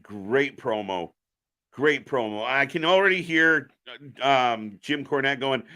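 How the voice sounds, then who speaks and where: A man's voice: mid-range voice, lively intonation, takes it slowly, sharp tone. A man hosting a live reaction stream, giving opinionated, profane commentary.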